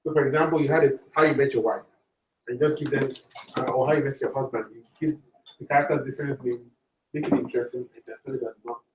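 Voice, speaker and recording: A man's voice: medium pitch, steady tone, fast, slight background noise. Man, presenter, step-by-step explanation, repeats points, distant from mic, echoey room. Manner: plainly explains things step by step, with asides and repetition. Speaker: presenter of the session. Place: church meeting room.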